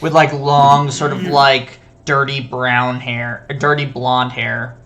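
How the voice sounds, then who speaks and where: A man's voice: medium pitch, level tone, slow pace, fairly bright tone. A man playing in a tabletop game, describing his character's actions hesitantly and hedging with many "sort of" fillers. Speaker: player.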